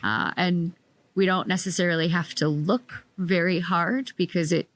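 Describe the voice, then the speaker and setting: A woman hosts a podcast interview in a somewhat low voice. She talks in a calm, measured way and takes her time over each question. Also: dry recording. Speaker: podcast host.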